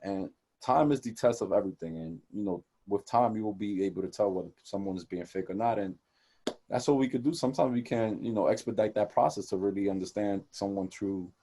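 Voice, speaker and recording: A young man co-hosting a casual podcast, talking in animated, profane street slang and acting out quoted conversations. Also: fairly low pitch, brisk. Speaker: podcast co-host.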